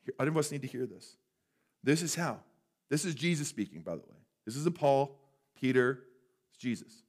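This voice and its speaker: A male pastor preaching a sermon in a church, conversational and animated, sometimes dropping to a hush for effect. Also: medium pitch, moderate pace, pauses often. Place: church sanctuary.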